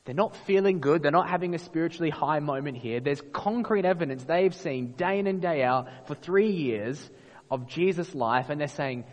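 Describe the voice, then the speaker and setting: A man preaching a sermon, expressive and full of rhetorical questions. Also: fairly high pitch, moderate pace, muffled recording. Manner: expressive, rhetorical questions, acts out quoted voices. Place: church. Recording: long reverb of a church hall.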